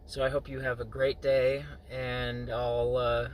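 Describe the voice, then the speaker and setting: A man's voice: medium pitch, monotone, measured pace, a little hiss or hum. A man casually telling a personal story to his viewers, chuckling now and then. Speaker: vlogger.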